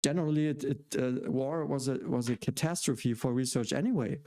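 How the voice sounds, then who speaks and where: A man's voice: medium pitch, fairly quick, dark tone. A man with a German accent hosting a live question-and-answer stream, rambling and hesitant with many fillers and restarts. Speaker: host.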